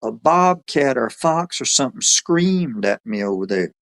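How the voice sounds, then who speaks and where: A man's voice: mid-range voice, big pitch swings, normal speed, a bit bright. Folksy man telling a story. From Alabama. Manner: folksy, rambling, quotes others in his own voice. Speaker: podcast guest telling a story. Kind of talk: casual storytelling.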